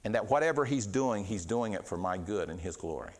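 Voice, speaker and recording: A middle-aged man preaching a sermon in an earnest way, often repeating words and restarting, his voice swinging between quiet and raised. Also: lowish voice, animated, fairly quick. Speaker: pastor.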